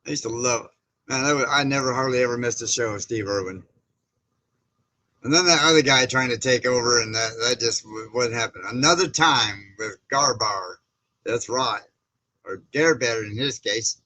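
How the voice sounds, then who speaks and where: A man's voice: medium pitch, moderate pace, bright, forceful tone, low-quality recording. A man hosting a casual livestream, chatting with viewers, greeting them by name and reading their comments aloud in a rambling way. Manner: rambling with frequent fillers and restarts. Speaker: livestream host. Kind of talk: casual live-stream chat.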